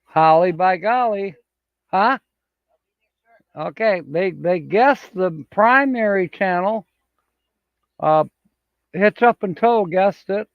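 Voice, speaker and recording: A man's voice: sits high, expressive, takes it slowly, pauses often, dry recording, phone-quality sound. A man hosting a casual livestream, reading out viewer comments and chuckling often as he rambles along. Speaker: livestream host. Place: home studio with green screen.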